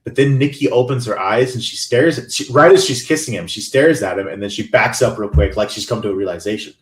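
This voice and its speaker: A man's voice: fairly low pitch, fast talker. Man in his thirties, echoey podcast recap. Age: 30s. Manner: animated storytelling, acting out character lines. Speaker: podcast co-host. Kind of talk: casual podcast chat, movie recap. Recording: roomy echo.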